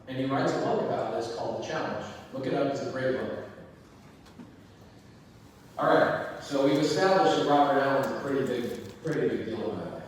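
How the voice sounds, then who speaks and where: A man giving an energetic, conversational motivational talk to a live audience, acting out the dialogue in his story. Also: medium pitch, moderate pace, slight background noise. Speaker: event speaker. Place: large hall before an audience. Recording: echoey hall, distant mic, faint ambience.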